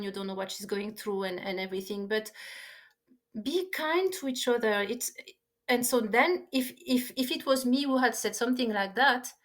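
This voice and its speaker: A woman with a non-native English accent, a podcast guest speaking in a halting, earnest way with many restarts. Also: a little high. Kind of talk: conversational interview.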